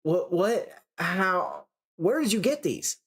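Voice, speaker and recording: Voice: mid-range voice, sing-song, slow pace, slightly rough, pitched above the performer's own voice, full character voice. A reader voicing a male police detective who sounds incredulous and exasperated.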